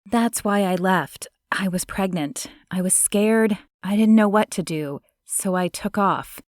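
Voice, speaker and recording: A woman narrator voicing a guarded young single mother in a romance audiobook, speaking softly and hesitantly. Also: mid-range voice, measured pace, no echo, studio quality, natural voice. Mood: tearful. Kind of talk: audiobook character voice.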